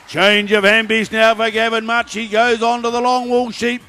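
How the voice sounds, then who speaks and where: A man giving live play-by-play commentary at a shearing competition, calling each competitor's moves in an excitable way. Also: very high-pitched, normal speed, hardly any pauses.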